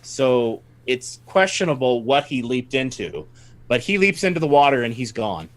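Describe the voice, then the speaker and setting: A man's voice: medium pitch, very animated, normal speed. A man running a tabletop game as game master, narrating the scene to his players and laughing often.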